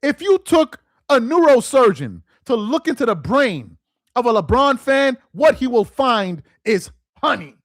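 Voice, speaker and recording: Ranting to camera about sports, a male commentator host speaks at a measured pace in a high, sing-song voice with wide swings and mocking incredulity. He peppers in rhetorical questions, stammers on repeated words when worked up, and rises to shouting. The sound is close and dry.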